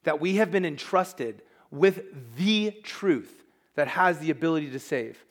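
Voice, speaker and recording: A man's voice: a little high, animated, a little slow. A man preaching a sermon as pastor, emphatic and conversational, with asides to the congregation.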